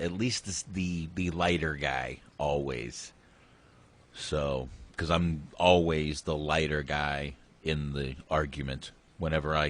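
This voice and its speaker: Low, slow-talking man retelling a movie. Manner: rambling, profane scene retelling. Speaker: podcast host. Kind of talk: casual movie review chat.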